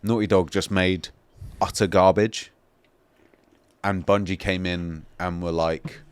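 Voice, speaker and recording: Young male co-host, low voice, filler-heavy casual talk, dry close sound. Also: steady tone, a little slow, clean tone, no echo. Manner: rambling, filler-heavy, emphatic. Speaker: podcast co-host. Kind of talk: casual chat.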